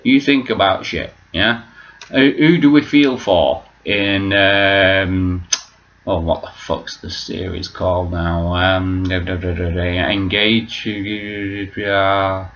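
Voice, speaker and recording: A low-voiced man in a casual vlog, rambling loosely and swearing freely. The recording is dull and lo-fi. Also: fairly even intonation, slow pace, fairly bright tone. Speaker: vlogger.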